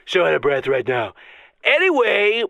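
A man voicing a boastful, bumbling male president in a comedy radio sketch, rambling with a wildly swooping pitch. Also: wildly swooping pitch, normal speed, vocal fry, bright, forceful tone, no room sound, muffled recording, full character voice.

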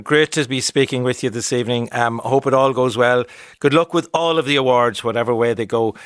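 Radio presenter bloke, brisk friendly, super dry studio sound. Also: male voice, medium pitch, no echo. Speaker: radio arts show host. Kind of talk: radio interview and links.

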